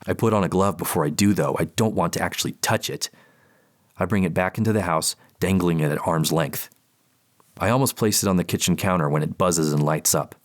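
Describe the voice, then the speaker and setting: A man's voice: deep voice, brisk. A man narrating a first-person audiobook in a tense, panicked inner voice.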